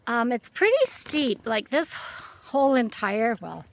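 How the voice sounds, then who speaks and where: A woman's voice: a little high, expressive, takes it slowly. A young adult woman walking dogs, chatting casually and out of breath as she climbs a steep outdoor ravine trail. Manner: chatty and rambling, laughs easily. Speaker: dog walker. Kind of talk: casual vlog chat while hiking.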